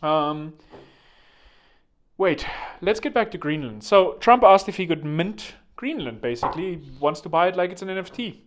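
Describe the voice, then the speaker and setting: A man's voice: sits high, animated, normal speed. A man hosting a vlog with rambling comedic commentary, joking and digressing, full of fillers. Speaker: vlog host.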